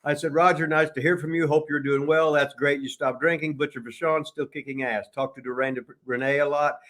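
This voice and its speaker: An older man hosting a casual podcast, a gruff and joking storyteller who reads messages aloud. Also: a little high, steady tone, a little fast, a bit bright. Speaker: podcast host and former wrestler.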